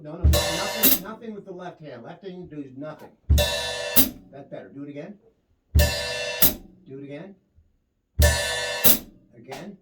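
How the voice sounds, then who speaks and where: A man teaching a one-on-one drum lesson, coaching his student and counting the beats out loud. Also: a little high. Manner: coaching, counts beats aloud over the playing. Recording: roomy, distant mic, loud drums behind.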